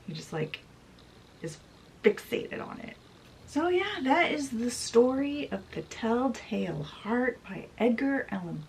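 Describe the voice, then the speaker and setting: A woman's voice: mid-range voice, creaky, a little hiss or hum, rough recording. A young woman retelling a classic story in a casual, chatty book summary, often saying "like" with light laughs. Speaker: book vlogger.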